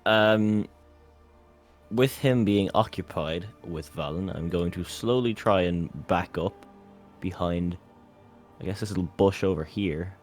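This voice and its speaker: Deep-voiced easygoing man. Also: measured pace, soft background music. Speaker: player. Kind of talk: casual chat at a tabletop game.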